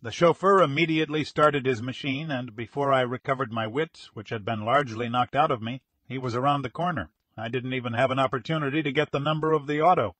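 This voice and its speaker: A man's voice: mid-range voice, fast, few pauses, fairly bright tone, no room sound, natural voice. A man voicing an earnest young jewelry salesman who speaks in a formal, insistent way, read as an audiobook character. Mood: recounting.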